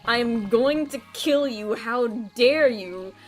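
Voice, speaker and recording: A woman voicing a furious, arrogant young male rival duelist who screams slow, drawn-out insults. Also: fairly high pitch, faint music behind. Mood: enraged. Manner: screaming, drawn-out indignant outburst.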